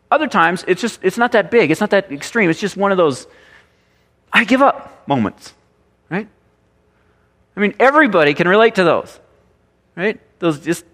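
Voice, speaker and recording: Animated man preaching in a reverberant hall. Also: sits high. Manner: animated preaching with rhetorical questions and repetition. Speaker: pastor. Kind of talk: sermon.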